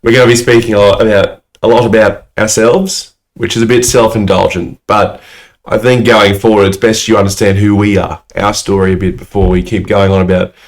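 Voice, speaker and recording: A man co-hosting a podcast in casual chat, loud and excitable, laughing often, close to the mic. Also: lowish voice, a little fast. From Australia. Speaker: podcast co-host.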